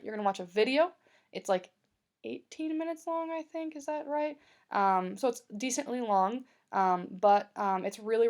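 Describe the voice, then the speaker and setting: Young woman teacher, relaxed recorded lesson, lots of "um", some fry. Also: mid-range voice. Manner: casual, filler-heavy explaining.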